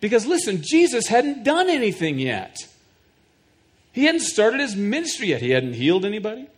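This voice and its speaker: Middle-aged male pastor with a voice pitched a little high, preaching earnestly. He stutters on restarts and keeps asking the room questions. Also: wildly swooping pitch, normal speed. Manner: earnest, repeats words while building points; speaks directly to the congregation with questions. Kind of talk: sermon.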